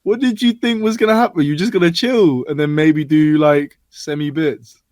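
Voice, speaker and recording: A man's voice: on the high side, steady tone, normal speed, darkish tone, dry recording, clean studio sound. A young man hosting a casual podcast, teasing and incredulous, often laughing. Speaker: podcast host.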